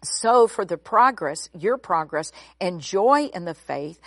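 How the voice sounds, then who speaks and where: A woman's voice: fairly low pitch, expressive, fairly bright tone, no room sound. Emphatic woman teaching scripture, dry sound. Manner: emphatic, shifting pace, slows to stress key words. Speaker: Bible teacher. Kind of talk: expository Bible teaching.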